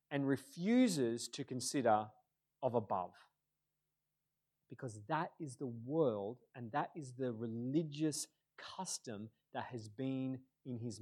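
A man preaching a sermon, animated, moving between loud emphatic bursts and quiet, drawn-out phrases. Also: medium pitch.

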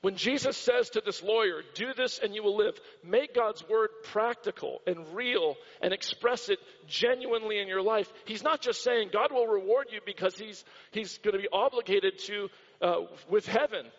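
A man's voice: high voice, moderate pace, a bit bright. A man preaching a sermon with impassioned repetition, recorded in a church hall. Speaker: pastor. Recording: dull sound with long hall reverb.

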